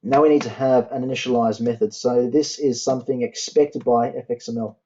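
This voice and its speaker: A man's voice: mid-range voice, steady tone, mellow, lo-fi sound, a little hiss or hum. Man dictating code in a tutorial. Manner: talks while typing code, spells out syntax slowly. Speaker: university tutor. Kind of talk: coding tutorial.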